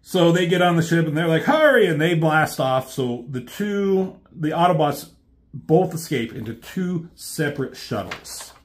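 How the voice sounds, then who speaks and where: A man's voice: a little high, unhurried. Rambling man retelling a comic. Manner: rambling, many fillers, swears. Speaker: reviewer.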